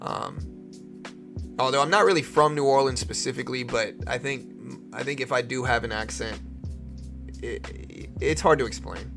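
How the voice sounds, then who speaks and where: Young male stream host, light Louisiana accent, raspy fry, easygoing and chatty. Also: medium pitch, normal speed, music in the background. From Louisiana, USA. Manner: relaxed, conversational, answers chat questions. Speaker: livestream trading host. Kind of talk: casual live-stream commentary.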